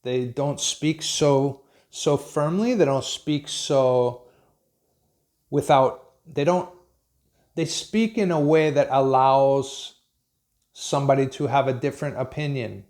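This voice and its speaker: A man with an American accent, talking like a teacher who speaks his mind. His voice sits at an ordinary middle pitch. He rambles in a loose, unscripted way and laughs at his own remarks. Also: slow, a little mellow. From Pennsylvania, USA. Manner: rambling, frank, chuckles at his own points. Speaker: English teacher. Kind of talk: casual unscripted talk to camera.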